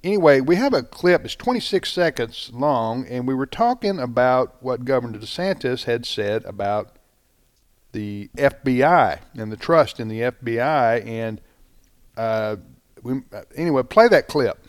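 A male radio host talking loosely on air, wandering through his sentences with plenty of "uh"s and restarts. His voice sits at an ordinary middle pitch, and the studio sound is dry and close with no room echo. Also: lively intonation, unhurried, clear, resonant tone. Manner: rambling, many fillers and restarts. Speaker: radio talk show host. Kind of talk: casual live studio chat.

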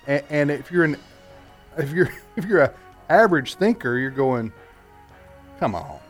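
A man's voice: fairly high pitch, animated, normal speed, faint music behind. A man co-hosting a talk radio show, speaking emphatically and repeating words as he presses his point. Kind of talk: conservative talk radio discussion.

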